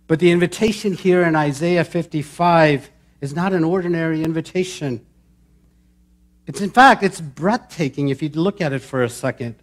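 A male pastor preaching a sermon, chatting with his congregation and building to emphatic calls. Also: fairly high pitch. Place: church sanctuary.

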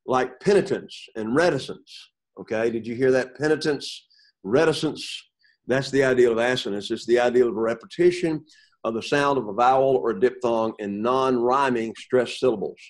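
A man teaching a Bible class to students, pausing often, repeating words and checking in with "okay?". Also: mid-range voice. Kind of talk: classroom lecture with questions to students.

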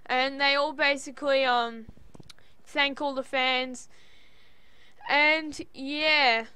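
A woman with an Australian accent giving a casual, rambling recap of a wrestling show, given to cursing and sudden loud outbursts. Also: sits high, steady tone, takes it slowly, no echo.

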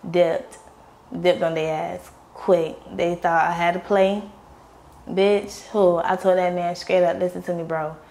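A woman's voice: on the low side, flat delivery, takes it slowly, vocal fry, darkish tone. A young woman, an interview guest, tells her story candidly in a blunt, profane way and acts out the voices of the people in it.

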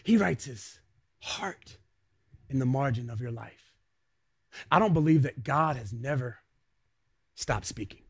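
A young adult male pastor preaching a sermon, swinging between hushed words and shouted peaks. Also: medium pitch, animated, a little slow, pauses often, slightly rough.

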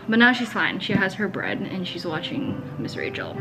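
A woman's voice: medium pitch, huge pitch swings, measured pace, very noisy. A young woman vlogging in casual chat, telling stories and acting out what people said. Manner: chatty, says "like" a lot, retells stories with quoted voices.

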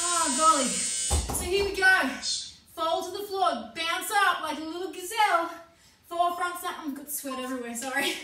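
A woman coaching a live workout class, out of breath, with energetic cheering and whooping encouragement. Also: very high voice, a little slow, slight background noise. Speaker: fitness instructor. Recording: echoey room, mic at a distance.

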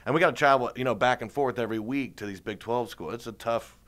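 A man's voice: medium pitch, fast talker, fairly bright tone. A man being interviewed as a stand-up comedian, telling rambling jokey stories in casual chat. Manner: joking, rambling storyteller.

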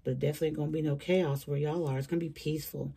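A woman's voice: low voice, steady tone, very fast, vocal fry, mellow, husky. A woman giving a casual, chatty tarot reading from her small bedroom, talking straight to her viewers in slangy terms. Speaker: tarot reader.

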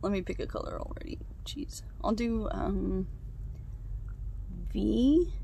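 A young woman talks casually as she works on a craft, venting at length and swearing without a second thought. Her voice carries a gravelly fry. A faint hiss sits under the recording. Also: mid-range voice, slow pace, warm tone. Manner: ranting, swears freely. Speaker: craft vlogger. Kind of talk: casual chat while crafting.

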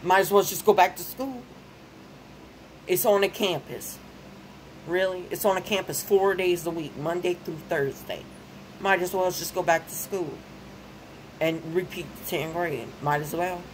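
A woman's voice: on the low side, a little slow, long pauses, a little hiss or hum, rough recording. A young woman, venting in a casual vlog. She rants, repeats phrases and gets herself worked up. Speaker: vlogger.

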